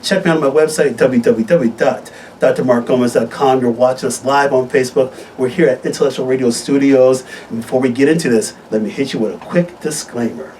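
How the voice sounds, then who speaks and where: Male physician host, upbeat and animated, heard from a distance with faint noise behind him. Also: fairly quick. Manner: upbeat, animated storytelling with wide pitch swings. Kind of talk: live radio health talk show. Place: radio studio.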